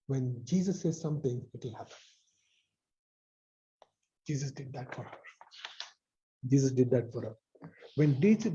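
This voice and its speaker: A man preaching a sermon over a video call, repeating phrases with emphasis and dropping softly at line ends. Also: on the high side, dull audio. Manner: repetitive, emphatic with soft drops.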